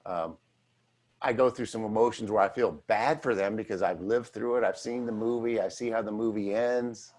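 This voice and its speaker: A man's voice: lowish voice, fairly even intonation, moderate pace, darkish tone. A man who is a financial advisor, talking bluntly and emphatically in a casual chat with colleagues. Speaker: financial advisor, firm head. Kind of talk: casual office-hours chat.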